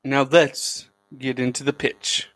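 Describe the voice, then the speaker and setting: A man's voice: mid-range voice, level tone, slow pace, over loud music. A man hosting a podcast in a casual, chatty, enthusiastic monologue, often restarting his sentences. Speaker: podcast host.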